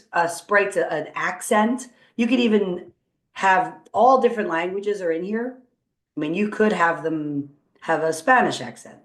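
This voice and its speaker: Woman, teacher, coding tutorial, upbeat, encouraging, thinking aloud, lowish voice, echoey room. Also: vocal fry. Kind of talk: screen-recorded coding tutorial. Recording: roomy echo.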